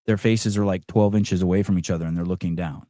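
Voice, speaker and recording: A man's voice: low-pitched, fairly even intonation, fast talker, warm tone, no room sound, studio quality. A middle-aged man hosting a podcast, talking casually and bluntly with many restarts and fillers. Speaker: podcast host. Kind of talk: casual chat.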